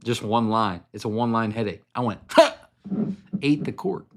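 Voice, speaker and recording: A man's voice: on the low side, brisk. Casual man rambling on a livestream. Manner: loose, joking, rambling. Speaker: whiskey livestream host. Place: home, moving to a garage. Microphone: handheld phone.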